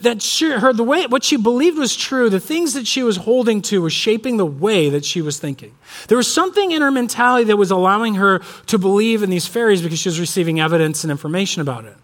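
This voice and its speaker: A male pastor preaching in a loose, conversational way, leaning on fillers and restarts. His speaking voice sits fairly high for a man, and he moves between prayer and storytelling. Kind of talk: sermon with storytelling.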